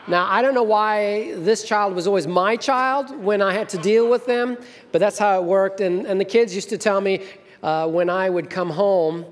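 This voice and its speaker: Middle-aged male minister, storytelling sermon, slightly high voice, long hall reverb. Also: moderate pace. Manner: storytelling, acts out quoted voices. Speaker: senior minister. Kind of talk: sermon with anecdotes. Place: church hall.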